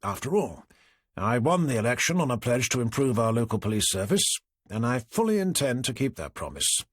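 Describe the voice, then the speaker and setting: A man's voice: medium pitch, sing-song, a little fast, breathy edge, no echo, clean studio sound. A man voicing a smug, smirking politician who is a villain, speaking with false politeness in an audiobook reading.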